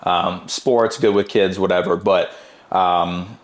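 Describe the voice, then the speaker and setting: A man's voice: deep voice, fairly even intonation, takes it slowly. Upbeat young man in casual chat. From Brazilian heritage. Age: 20s. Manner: upbeat, repeats words for emphasis. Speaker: podcast guest, entrepreneur.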